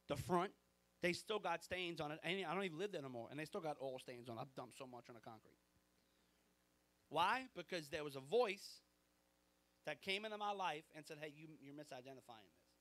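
A young man, a pastor telling a story in an animated, conversational sermon. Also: fairly high pitch, fairly quick, no room sound.

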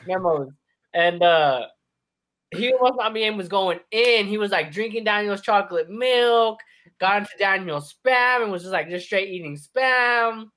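A man's voice: high voice, moderate pace. A young man, a podcast co-host, telling a profane, laughing story among friends. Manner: profane, laughing, animated retelling.

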